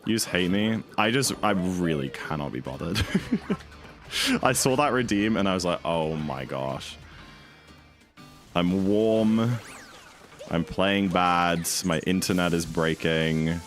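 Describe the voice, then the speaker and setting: A young British man chatting casually while streaming a speedrun, rambling with sudden excited outbursts. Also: sits low, slow pace, pauses often, faint music behind. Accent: British English. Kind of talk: casual livestream chat.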